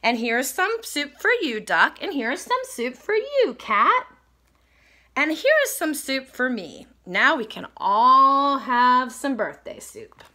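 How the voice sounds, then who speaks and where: A woman's voice: high voice, very animated, takes it slowly, bright, forceful tone, pitched above the performer's own voice, full character voice. A woman reading a storybook aloud and voicing an eager, wondering little boy bear. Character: cheerful young boy bear on birthday.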